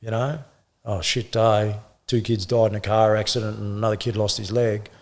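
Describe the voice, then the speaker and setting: A middle-aged man, a former police officer, telling his story in an interview with blunt swearing and halting restarts. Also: lowish voice, steady tone, darkish tone. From Australia.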